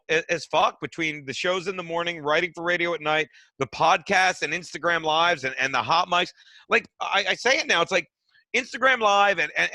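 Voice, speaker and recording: High, bright-voiced profane comedian guy. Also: no echo. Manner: profane, rambling storyteller. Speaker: guest comedian and radio host. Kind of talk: casual podcast chat.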